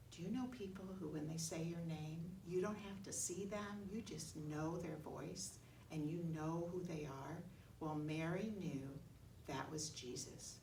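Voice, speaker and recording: A woman telling a Bible story to young children in gentle, simple words. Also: lowish voice. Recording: echoey room, mic far off, faint noise.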